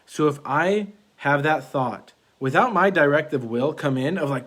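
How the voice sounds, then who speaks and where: A man's voice: medium pitch, lively intonation, a little fast, hardly any pauses, a bit bright. A young man talking casually to his followers, earnest and a little preachy, repeating his main points and filling gaps with "like," recorded on wireless earbuds. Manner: earnest, preachy, repeats key phrases, lots of "like". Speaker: vlogger, relationship coach. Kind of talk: casual monologue to camera.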